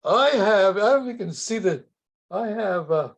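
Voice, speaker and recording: A man of ninety, a senior auditor in a class, speaking slowly and haltingly over a video call. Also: high-pitched, animated. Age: 90s. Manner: slow, deliberate, halting. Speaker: senior auditor, student asking a question.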